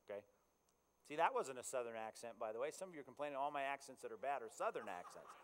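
A man's voice: medium pitch, expressive, very fast. A man preaching a sermon as pastor, in a conversational way that keeps checking in with his listeners. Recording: long reverb in a large hall.

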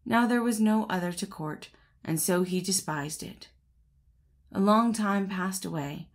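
In this storybook narration, a woman reads a classic fairy tale for an audiobook at a slightly slow pace and medium pitch. She first welcomes her audience in a friendly, conversational manner, then reads on steadily.

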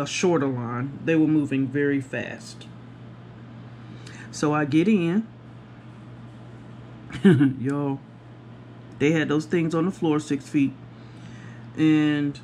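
A woman chatting to viewers about her day while she works on a craft project, animated and talking straight to the camera. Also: a little hiss or hum. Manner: acts out other people's voices with big pitch jumps. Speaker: craft vlogger. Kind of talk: casual storytelling while crafting.

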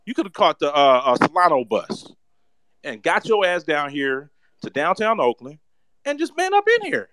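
A man's voice: fairly high pitch, big pitch swings, moderate pace, a bit bright, no echo. Heated, mocking Bay man ranting. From San Francisco Bay Area. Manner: heated, mocking, full of slang and cursing. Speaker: political commentator. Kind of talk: profane ranting commentary.

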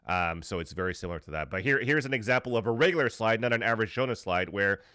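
Bright-voiced man breaking down gameplay. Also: on the low side, expressive, quick pace, clear, resonant tone, no echo, clean studio sound. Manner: explains gameplay, frequent restarts. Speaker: guest player analyst. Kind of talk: casual gaming breakdown.

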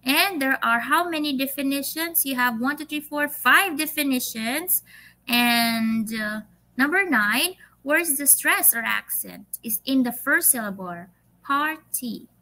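A woman's voice: sits high, animated, unhurried, sharp tone, low-quality recording. A Filipino woman teacher leading an online English lesson, reading quiz questions patiently and drawing her words out, with Tagalog fillers. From Philippines.

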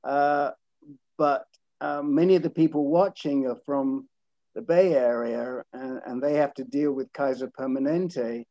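A man hosting a video call interview, speaking haltingly with stuttered repeats. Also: medium pitch, fairly even intonation, warm tone, dry recording, muffled recording. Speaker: host.

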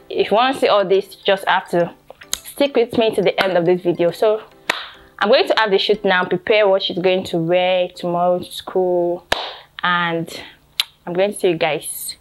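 A woman's voice: on the low side, normal speed. A young Nigerian woman talking to camera in a casual vlog, chatty, repeating herself and filling with "you know". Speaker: vlogger and photographer.

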